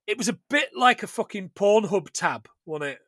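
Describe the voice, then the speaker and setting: A man's voice: high voice, lively intonation, normal speed, a crowd in the background. A man recapping a film with a co-host in casual, sweary chat, laughing often as he tells the story. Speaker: podcast co-host.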